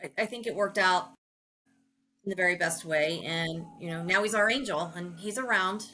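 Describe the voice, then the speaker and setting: Brief: female podcast host, bright tone, lively storyteller, emotional and quick to laugh. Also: on the low side, faint music behind. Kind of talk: casual chat.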